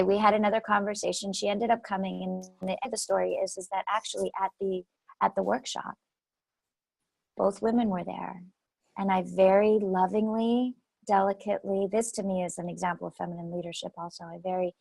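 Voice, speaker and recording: A woman's voice: medium pitch, gravelly, darkish tone, dry recording, low-quality recording. A woman speaking as an interview guest, telling stories animatedly and repeating phrases for emphasis. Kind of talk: conversational interview storytelling.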